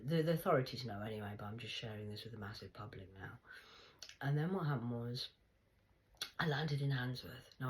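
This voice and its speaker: A woman's voice: a bass voice, poor audio. Blunt, swearing middle-aged Englishwoman. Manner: rambling, heavy swearing, blunt; acts out quoted dialogue in lively voices. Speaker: vlogger. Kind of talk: casual monologue storytelling.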